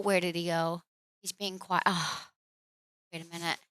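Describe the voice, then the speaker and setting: A woman's voice: fairly low pitch, level tone, a little slow, a bit bright, clean tone, no room sound, clean studio sound. A woman live-streaming a game from home, chatting casually and cooing at and scolding her cat between remarks. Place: home room.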